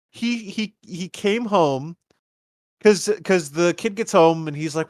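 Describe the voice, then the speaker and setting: A podcast host with a slightly high voice casually retells a movie in a rewatch chat, acting out the characters' lines and stammering into many restarts. He talks unhurriedly. The recording is dry, clean studio sound.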